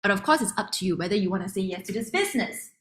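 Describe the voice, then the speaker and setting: A young woman with a Malaysian English accent giving a lively online sales presentation, chatty and quick to laugh, acting out what her customers say. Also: mid-range voice. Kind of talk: online product demo presentation.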